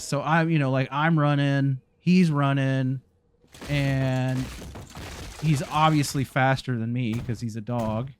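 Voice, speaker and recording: A man's voice: mid-range voice, steady tone, unhurried, slight background noise. A man, hosting a gaming channel and telling a rambling story while he plays, full of restarts and fillers. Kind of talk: casual storytelling while playing a game.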